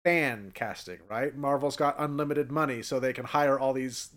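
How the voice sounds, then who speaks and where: A man hosting a podcast in casual chat, relaxed as he wraps up the episode. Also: medium pitch, moderate pace. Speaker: podcast host.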